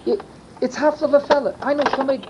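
A man's voice: very high voice, fast. An older man telling a long story, often raising his voice and mixing in Yiddish and Hebrew words. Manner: yelling and emphatic. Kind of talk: animated storytelling. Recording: dull lo-fi recording with loud background noise.

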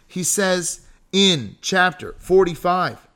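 A man's voice: medium pitch, lively intonation, moderate pace, a bit bright. A man hosting a podcast, teaching character ethics in a casual way, full of self-deprecating asides and rhetorical questions. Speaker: podcast host.

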